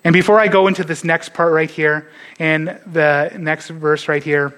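A pastor preaching a sermon to his church, earnest and sometimes dropping to a hush on key points. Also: a little high, little pitch movement, normal speed.

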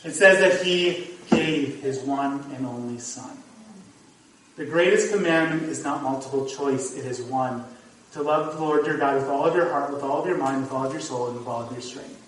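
In a church sanctuary, a man of medium pitch and fairly bright tone preaches at a normal pace, earnest and sometimes emphatic. A distant mic picks up the hall's echo and the congregation around him.

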